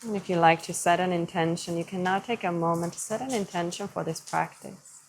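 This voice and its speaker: A young adult woman teaching yoga, guiding breathing in a slow, gentle, soothing way. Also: lowish voice, steady tone, a little hiss or hum, poor audio. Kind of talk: guided yoga instruction.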